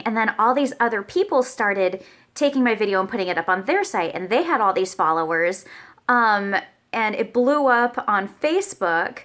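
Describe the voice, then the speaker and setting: A bubbly, animated young woman chats casually to the camera as a vlogger, breaking into high squeals whenever she quotes herself.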